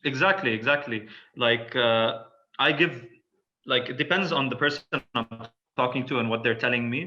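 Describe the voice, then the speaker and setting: Male podcast guest, reflective and halting, bright forceful tone, slightly lo-fi sound. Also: medium pitch. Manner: reflective, halting, many fillers and restarts. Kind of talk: casual podcast conversation.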